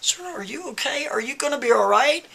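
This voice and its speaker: A man voicing a concerned female librarian who calmly reassures someone. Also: very high-pitched, fairly quick, vocal fry, voice pushed up, exaggerated voice. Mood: reassuring. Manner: soothing, reassuring.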